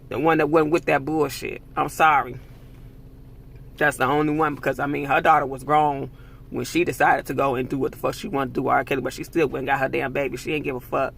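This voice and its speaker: Angry profane man ranting, gravelly voice. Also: on the high side, sharp tone. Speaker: vlogger. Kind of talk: heated commentary monologue.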